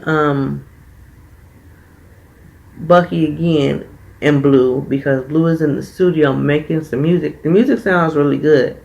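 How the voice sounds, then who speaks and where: A man's voice: fairly high pitch, vocal fry, highs cut off. A man reviewing a reality TV episode in a casual, blunt and profane way, heated in his opinions. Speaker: TV show reviewer.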